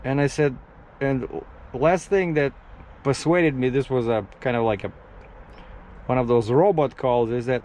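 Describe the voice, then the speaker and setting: A man's voice: medium pitch, measured pace, pauses often, a little mellow, poor audio. A man who drives trucks, chatting casually in a vlog while parked outdoors. He rambles, restarts his sentences and jumps from topic to topic. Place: outdoors at a truck parking area.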